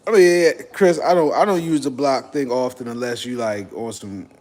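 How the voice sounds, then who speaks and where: A man's voice: medium pitch, normal speed, a little mellow. A young man from Texas hosting a casual livestream, joking and swearing as he banters with his chat. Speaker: livestream host.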